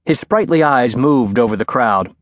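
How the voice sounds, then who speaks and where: A man reading a thriller audiobook aloud in a measured, clear storytelling manner, recorded on a studio microphone. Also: mid-range voice, lively intonation, dry recording. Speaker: audiobook narrator. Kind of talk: scripted narration.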